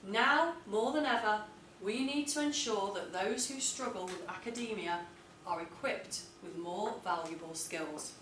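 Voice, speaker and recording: A woman leads a classroom writing lesson. She speaks clearly and deliberately and leans on key words when she reads examples aloud. Her voice carries from a distance in an echoey room, with a faint hum of room noise behind it. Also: on the low side. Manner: clear, deliberate, emphatic reading of model texts. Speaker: English teacher.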